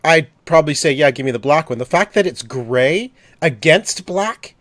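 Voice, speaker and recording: A man's voice: a little high, expressive, normal speed, fairly bright tone, dry recording, clean studio sound. A man co-hosting a casual gaming podcast, teasing and opinionated. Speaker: podcast co-host.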